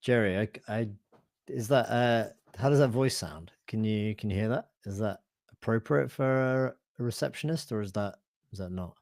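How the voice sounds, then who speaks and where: A man presenting a live online software demo, thinking aloud in a relaxed, hesitant way with fillers and self-corrections. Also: lowish voice, normal speed, creaky, no echo. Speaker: webinar presenter.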